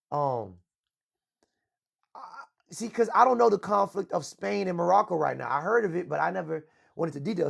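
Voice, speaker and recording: A man's voice: high voice, gravelly. Gruizige, luidruchtige man die tiert. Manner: loud, profane, boastful rant. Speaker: host. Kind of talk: livestream talk show.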